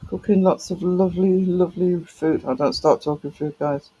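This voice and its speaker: A man's voice: sits high, fairly even intonation, normal speed, warm tone, husky, rough recording. A man live-streaming and chatting casually with viewers, greeting them by name with affectionate pet names, his voice cracking a little.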